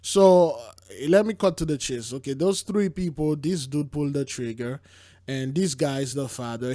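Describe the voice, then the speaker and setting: A man's voice: mid-range voice, darkish tone, no room sound. Rambling man with a dry close voice. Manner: rambling, exclaims and stumbles over words. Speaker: host. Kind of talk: casual commentary on news clips.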